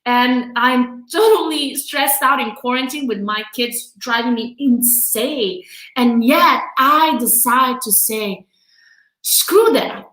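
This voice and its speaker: Taking things slowly, this accented woman, non-native in her speech, hosts a motivational coaching stream from her home during quarantine, her rather high voice pushed and bright. She speaks emotionally and candidly, laughing often, in a reverberant, low-quality recording.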